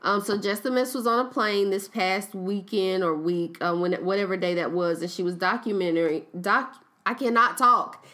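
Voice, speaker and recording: A woman's voice: medium pitch, normal speed, hardly any pauses. Young woman, podcast co-host, chatty storyteller who acts out quotes. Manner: animated storytelling, retells quotes, laughs at her own stumbles. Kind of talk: casual chat.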